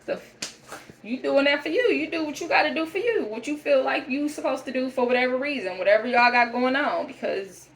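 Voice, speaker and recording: A woman's voice: high voice, fairly quick, low-quality recording. A young woman telling a story as a casual rant, blunt, profane and exasperated. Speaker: vlogger.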